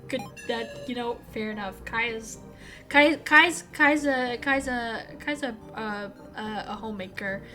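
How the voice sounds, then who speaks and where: A woman's voice: fairly high pitch, measured pace, sharp tone. A young woman streamer chatting casually while playing a game, giggly and prone to trailing off. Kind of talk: casual chat while gaming. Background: game music.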